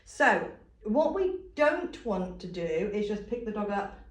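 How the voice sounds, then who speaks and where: A woman dog trainer explains a technique step by step with patient, repeated reminders. Her voice sits at an ordinary middle pitch. It comes across roomy and a little distant from the mic. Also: sing-song, a little slow. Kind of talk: instructional demonstration.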